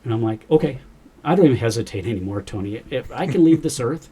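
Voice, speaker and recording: A man's voice: mid-range voice, lively intonation, quick pace, mellow, slightly rough. A man, a podcast guest, earnestly recounting a personal experience and quoting the dialogue as he goes. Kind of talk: personal storytelling in a podcast interview.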